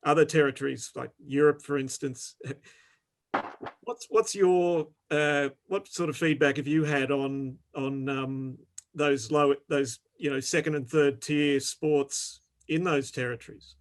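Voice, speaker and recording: A man's voice: a little high, steady tone, a little slow. Hesitant man moderating a webinar. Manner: hesitant, many fillers. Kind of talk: casual panel talk.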